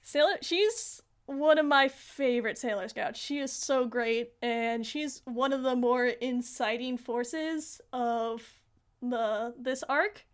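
A young woman with a high voice talks in a casual podcast chat. She tells the story animatedly and gushes like an eager fan, often stopping herself mid-thought. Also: slow pace. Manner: animated, gushing fan retelling.

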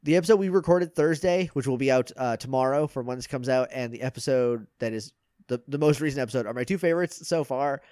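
A man guest on a podcast, chatting casually and plugging his shows with quick asides. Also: mid-range voice, darkish tone, clean tone, dry recording, studio quality.

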